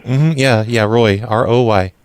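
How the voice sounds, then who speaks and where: A man's voice: mid-range voice, fairly even intonation, unhurried, clear, resonant tone. A man hosting a radio show, making prank phone calls and talking in a mock-innocent, apologetic way. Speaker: prank call radio host.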